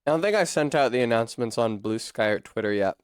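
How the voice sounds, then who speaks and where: A man's voice: mid-range voice, lively intonation, fast, clean tone, no room sound, studio quality. A man from Rhode Island chatting casually on a live stream, self-deprecating and swearing freely, with occasional coughing. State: coughing fits.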